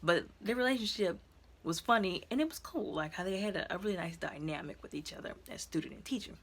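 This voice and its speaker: A woman's voice: fairly low pitch, animated, fast, a bit bright. A woman casually reviewing episodes on her channel, rambling and chatty with lots of fillers as she retells the story. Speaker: video reviewer.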